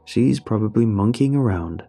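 A man voicing a relaxed middle-aged father in a storybook narration, dry and joking. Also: on the low side, moderate pace. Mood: amused. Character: easygoing middle-aged dad, amused.

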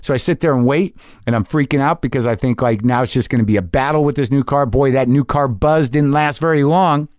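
A man's voice: mid-range voice, a little fast, darkish tone, dry recording, clean studio sound. A middle-aged man from New Jersey hosting a podcast, telling a rambling, profane, self-mocking comic story in an anxious rush. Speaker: podcast host.

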